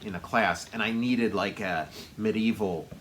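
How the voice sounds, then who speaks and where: A man's voice: on the low side, normal speed, a bit bright, slight background noise. A man co-hosting a casual podcast, rambling through stories and swearing freely. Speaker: podcast co-host. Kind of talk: casual chat.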